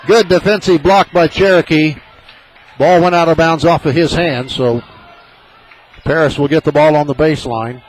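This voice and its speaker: A man calling a high school basketball game on local radio, partisan and excitable, his voice jumping up on big plays. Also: poor audio. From southern Illinois. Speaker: play-by-play announcer.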